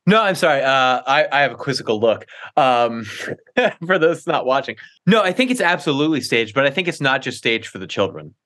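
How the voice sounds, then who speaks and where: A man's voice: medium pitch, sing-song, moderate pace, fairly bright tone. A young man co-hosting a casual film podcast, talking analytically with frequent restarts and hesitations. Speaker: podcast co-host.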